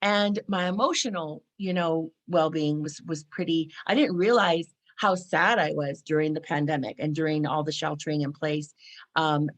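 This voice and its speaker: Speaking in a low, steady voice at moderate speed, a forties-aged spiritual vlogger from California talks casually to camera about spiritual energy. Her chatty delivery is packed with "you know" and "right?".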